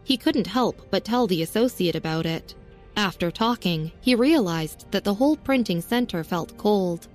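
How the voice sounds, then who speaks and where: A woman reading a serialized story as narrator, with a steady, even storytelling manner. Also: medium pitch, normal speed. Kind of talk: scripted audiobook narration. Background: faint music.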